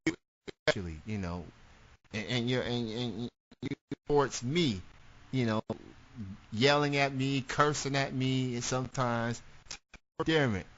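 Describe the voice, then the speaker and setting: A man's voice: medium pitch, unhurried, pauses often, fairly bright tone, muffled recording. A man from the southern United States co-hosting a radio show, chatting casually, often restarting and repeating words. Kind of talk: casual banter.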